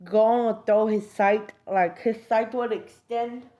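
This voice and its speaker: Slow, hesitant woman making up a story. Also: on the high side, steady tone, dark tone, muffled recording. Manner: hesitant, many fillers and restarts. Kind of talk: improvised fan-fiction storytelling.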